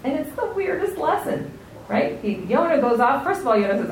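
A woman's voice: sits high, sing-song, brisk, slight background noise. American woman teaching from a distance. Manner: conversational, keeps checking in with "right?". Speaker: religious teacher. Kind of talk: classroom text lesson. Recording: roomy, distant mic, faint ambience.

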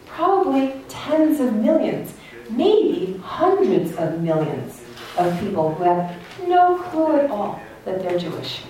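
A woman's voice: mid-range voice, sing-song, slow pace, mellow, distant mic. A middle-aged woman giving an earnest religious lecture to an audience, telling stories as she teaches. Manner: earnest, storytelling, laughs at own anecdote. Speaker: Torah teacher. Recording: echoey hall, speaker away from mic.

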